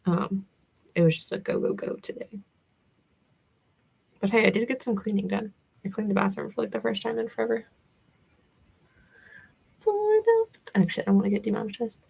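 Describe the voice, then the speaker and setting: Chatty young Southern woman with gravelly fry. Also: mid-range voice. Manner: chatty, rambling, giggly, many fillers. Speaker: livestream host. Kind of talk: casual chat with viewers.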